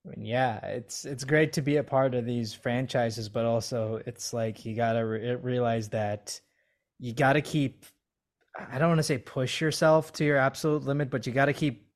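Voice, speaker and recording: A man with a middle-pitched voice hosts an interview. He speaks in a relaxed, hesitant way, with many fillers as he works through his thoughts. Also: moderate pace. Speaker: podcast host. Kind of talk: casual interview chat.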